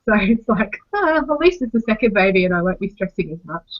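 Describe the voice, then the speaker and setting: A young Australian woman chatting casually on a podcast, talking quickly from one story to the next, with an exasperated edge and casual swearing. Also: medium pitch, sing-song. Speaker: podcast co-host. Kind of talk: casual chat. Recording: slightly muffled lo-fi audio.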